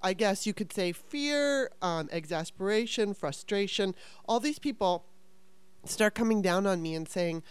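A woman's voice: medium pitch, lively intonation, a little slow, clean tone, no room sound. A woman hosting a podcast interview in a casual, chatty way, laughing often. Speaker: podcast host.

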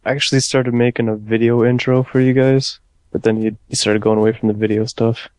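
A man's voice: mid-range voice, flat delivery, a little fast, a little mellow, no echo. A man guest in a casual podcast chat, laid-back and joking.

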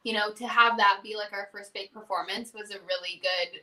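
A young woman in her twenties from Canada, a singer guest on a podcast, telling lively stories and quoting herself and her partner. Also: medium pitch, fairly quick. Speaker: guest, country music singer. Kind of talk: casual interview chat.

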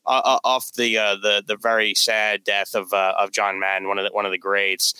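Earnest guy on a podcast, bright crisp voice, lots of uhs. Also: fairly low pitch, little pitch movement, dry recording, rough recording. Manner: earnest, halting, many fillers. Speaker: podcast co-host. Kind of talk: casual podcast chat.

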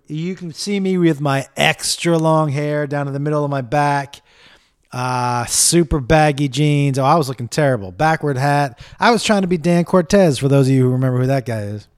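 A middle-aged man hosting a casual comedy podcast, telling stories in an animated way, acting out the people he quotes, swearing often. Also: a little high, clear, resonant tone. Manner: animated storytelling, acts out quotes, swears, talks to his dog.

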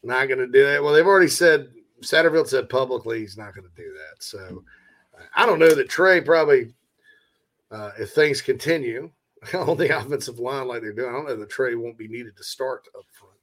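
A man hosting a casual sports talk show, reading viewer comments in a relaxed, rambling way. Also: medium pitch, moderate pace.

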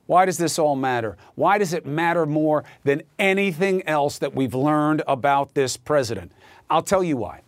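A man's voice: on the high side, dry recording. A male news anchor delivering an emphatic, sarcastic opinion monologue in a studio.

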